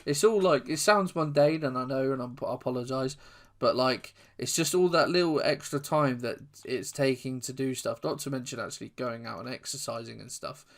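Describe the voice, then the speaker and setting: A young man from England casually commentating his own football video game, rambling between plays and shouting when goals go in. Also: medium pitch, moderate pace, vocal fry, hardly any pauses. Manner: chatty, rambling, bursts into excited goal shouts. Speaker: gaming YouTuber.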